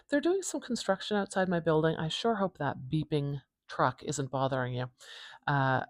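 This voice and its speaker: A woman from Canada teaching phonetics at home in a calm, unhurried lesson inspired by ASMR. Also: deep voice, no room sound, clean studio sound. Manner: calm, unhurried, explains step by step. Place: home room.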